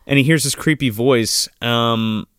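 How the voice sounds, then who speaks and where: A man's voice: medium pitch, measured pace, fairly bright tone, clear, resonant tone, dry recording, studio quality. A man co-hosting a casual podcast, recapping a movie with lots of swearing and laughter. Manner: profane, laughing, acts out scenes in voices. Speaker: podcast co-host.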